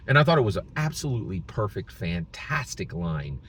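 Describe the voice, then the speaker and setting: A man's voice: sits low, big pitch swings, a little fast, hardly any pauses, fairly bright tone, slightly rough. A man from Philadelphia giving casual political opinion commentary, emphatic, restarting phrases and tagging lines with "right?". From Philadelphia, United States.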